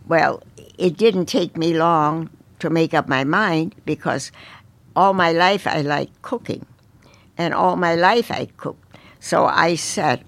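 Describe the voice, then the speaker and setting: An older woman speaks in a gravelly voice as an interview guest. She tells her stories at an unhurried pace and often restarts her sentences. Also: sits low, no room sound. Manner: unhurried storytelling with frequent restarts. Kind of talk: casual interview reminiscence.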